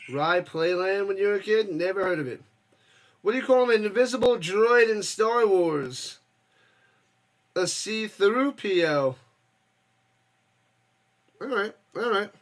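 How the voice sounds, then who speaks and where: A man's voice: high voice, fairly bright tone. A man hosting a live watch party stream, chatting with viewers and calling plays in a loose, joking way. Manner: loose, jokey, reads chat, bursts up for plays. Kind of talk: casual play-by-play with chat.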